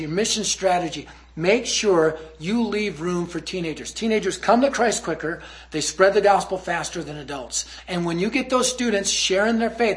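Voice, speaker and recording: A man giving a storytelling sermon as a youth ministry speaker, animated and acting out the people in his story. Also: high-pitched. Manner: animated storyteller who acts out quotes.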